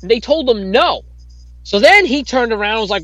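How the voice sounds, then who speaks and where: A man's voice: extremely high pitch, sing-song, brisk, a bit bright, no echo, poor audio. Emphatic guy with a dry sound. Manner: emphatic, swears, repeats points. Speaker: podcast co-host. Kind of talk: casual wrestling chat.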